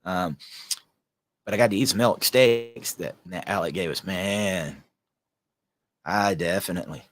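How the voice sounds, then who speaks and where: A man's voice: deep voice, measured pace, no echo. A man with a Southern American accent hosting his podcast, talking casually and earnestly, often repeating words. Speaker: podcast host. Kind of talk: casual solo talk.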